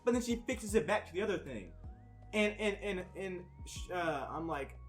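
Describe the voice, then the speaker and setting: A man's voice: high voice, normal speed, faint music behind. A young man co-hosting a podcast, casually telling a story, swearing and acting out the people in it. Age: young adult. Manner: animated, swearing, acting out quotes. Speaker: podcast co-host.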